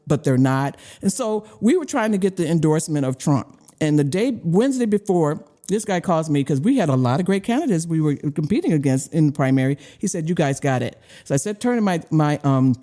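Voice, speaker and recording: A middle-aged woman from Illinois, a former candidate and radio host, telling stories in casual chat, laughing often and acting out quotes with big jumps in pitch. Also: warm tone. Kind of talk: animated storytelling in casual chat.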